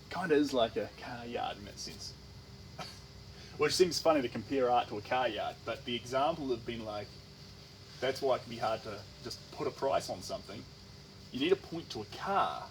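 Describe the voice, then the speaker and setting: A man with a New Zealand accent chats on a livestream while painting. His voice sits at a middling pitch, and he talks in loose, playful tangents with plenty of restarts over a faint background hiss. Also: animated, normal speed, pauses often, poor audio. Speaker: artist.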